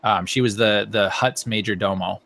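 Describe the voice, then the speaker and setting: A man's voice: fairly low pitch, steady tone, normal speed, a bit bright, a little hiss or hum. A man narrating a tabletop game as game master, rambling with many fillers and correcting himself as he goes.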